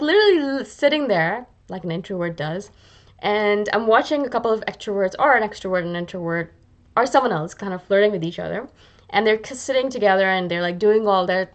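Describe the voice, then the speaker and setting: A woman hosts her own video channel, chatting casually into the camera in a mid-range voice. She pokes fun at herself as she goes and slips into little acted-out asides. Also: mid-range voice. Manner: chatty and self-deprecating, acts out little quoted asides. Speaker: YouTube channel host. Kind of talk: casual talking-to-camera vlog.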